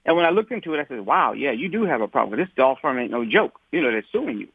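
Husky man on a tinny phone line. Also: mid-range voice, big pitch swings, fast talker, no echo. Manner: repeats words and restarts often, acts out quoted dialogue. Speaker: civil rights activist guest. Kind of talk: conversational storytelling.

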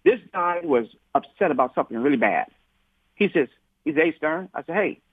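Speaking over a thin, phone-quality line with no echo, this civil rights activist guest has a husky, fairly high voice and talks a little fast with lively intonation. Relating his story casually, he stumbles over repeated words, restarts often and voices other people's lines.

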